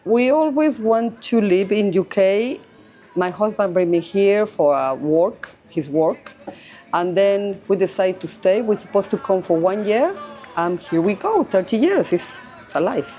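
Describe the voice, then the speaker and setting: A woman's voice: mid-range voice, animated, measured pace, dark tone, muffled recording, soft background music. A woman in her fifties, a Spanish speaker, talking plainly and simply in an interview. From Mexico. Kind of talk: casual interview.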